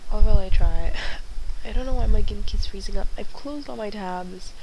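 A woman's voice: mid-range voice, fairly quick, creaky, noisy background. A young woman in casual let's-play commentary, chatty and rambling, often apologizing and exasperated, talking from her bedroom into a headset mic. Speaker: gaming channel host. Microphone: wireless headset.

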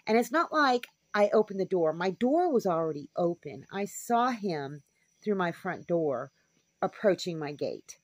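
A woman talks to her viewers in a loose, rambling way, full of fillers and frank asides. Her voice sits on the low side, and the recording sounds dry and close with no room echo. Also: sing-song, a little slow. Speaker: homestead vlogger. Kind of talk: casual storytelling to camera.

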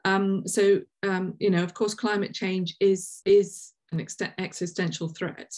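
A woman's voice: medium pitch, little pitch movement, a little slow, a little mellow. A woman hosting and chairing a Q&A at an online science seminar, talking with many ums and restarts over a video call. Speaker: session chair and host.

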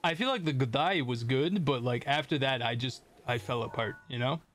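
Streaming a video game, a man chats casually with viewers in a mid-range, fairly bright voice at a moderate pace. He rambles, pokes fun at himself, and swears at the game, with slight background noise in the recording.

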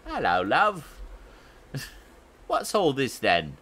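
Rough British bloke with an exaggerated put-on accent, slow and mocking, as a man hams it up. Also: mid-range voice, wildly swooping pitch, sharp tone, heavily acted.

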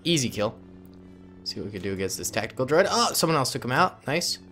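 A man of middle pitch hosts his own gameplay video with casual, joking commentary. His intonation swings widely, and faint music plays underneath. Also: sing-song, fast, pushed and bright. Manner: playful, jokey, talks to viewers as "boys". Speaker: gaming YouTuber.

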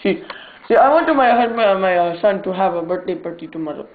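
A man's voice: high voice, animated, fast talker. A man putting on a fussy immigrant father's voice, prank-calling with insistent, pleading broken English over the phone. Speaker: prank caller. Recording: tinny phone line with faint hiss.

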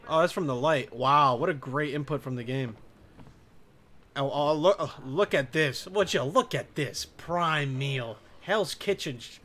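A man doing let's play commentary, excitable and profane, talking to himself as he plays. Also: on the high side. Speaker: gaming commentator.

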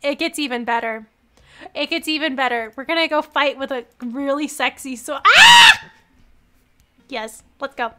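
An excitable young woman on a live game stream, with a high voice. Her tone is bright and sharp. She giggles and reacts out loud as she plays and reads along. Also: moderate pace.

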